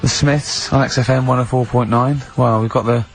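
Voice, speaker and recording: A man's voice: mid-range voice, fairly even intonation, brisk, creaky, over music. A man hosting a comedy radio show in casual banter, often breaking into laughter. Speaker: radio host. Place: radio studio. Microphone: studio microphone.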